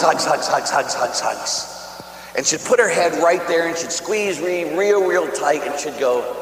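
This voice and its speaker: A priest telling a lively story in a sermon, swinging from hushed tones to loud shouts, from Pittsburgh. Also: male voice, high-pitched, slight background noise. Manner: animated storyteller, voices jumping from hushed to shouting. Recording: echoey hall.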